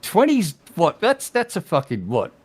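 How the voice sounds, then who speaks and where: A man's voice: fairly high pitch, wildly swooping pitch, normal speed, slightly rough. A man with an Australian accent, a co-host in casual livestream chat, swearing and joking through crude banter.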